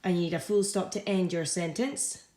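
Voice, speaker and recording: A young woman teacher with a Scottish accent, giving a recorded home-learning lesson to young pupils in a bright, encouraging way. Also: lowish voice, fairly even intonation, normal speed. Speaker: primary school teacher.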